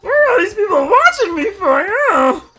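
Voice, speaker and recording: A man's voice: very high-pitched, sing-song, normal speed, bright, forceful tone, faint music behind, pitched above the performer's own voice, heavily acted. A man putting on a squealing voice for a whiny, easily annoyed young man. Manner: squealing, whining.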